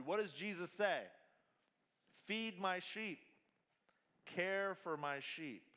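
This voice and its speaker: A man preaching a sermon at a family camp, slow and emphatic, mixing scripture with casual slang. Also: high voice, animated, a bit bright. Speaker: pastor. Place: large hall at a family camp. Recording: hall reverb.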